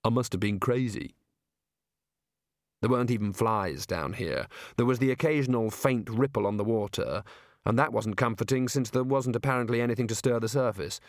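Dry deadpan guy reading a novel aloud, close mic, no room sound. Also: medium pitch, brisk, no echo. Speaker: narrator. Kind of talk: audiobook narration.

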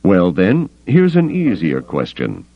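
A man voicing a calm, wry male smuggler in a measured way. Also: sits low, gravelly, no echo, lo-fi sound, exaggerated voice.

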